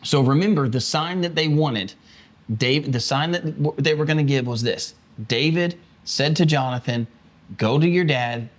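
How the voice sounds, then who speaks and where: A man, a pastor, teaching a conversational Bible study, acting out the quoted speech in animated bursts with frequent restarts. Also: fairly high pitch, normal speed.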